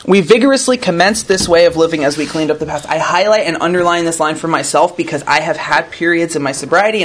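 Reading to a recovery group and adding his own remarks, this man has a somewhat high, fairly bright voice. His manner is sincere and chatty, and he tends to finish ideas with "right?"

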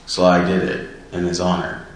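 Deep-voiced man telling his recovery story. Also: flat delivery, moderate pace. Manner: earnest and reflective. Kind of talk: personal storytelling. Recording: very echoey room, distant mic.

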